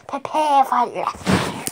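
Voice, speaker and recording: A woman's voice: high voice, a little hiss or hum. A young woman hosting her own channel in a playful, giggly way, often restarting and laughing at herself. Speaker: channel host. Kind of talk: giggly casual vlog chat.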